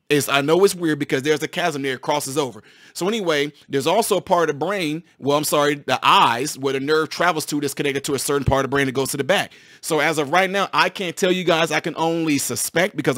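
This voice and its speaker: A somewhat high-voiced man explains a medical topic straight to his viewers, talking fast and getting excited as he goes. He restarts and repeats phrases, talking casually. The sound is dry and close, with no room echo. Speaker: former physical therapist commenting on news.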